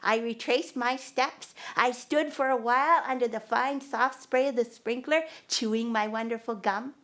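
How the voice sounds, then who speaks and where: A woman's voice: a little high, steady tone, moderate pace, fairly bright tone. A woman telling a first-person story at a live performance, narrating expressively and acting out the dialogue. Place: performance venue.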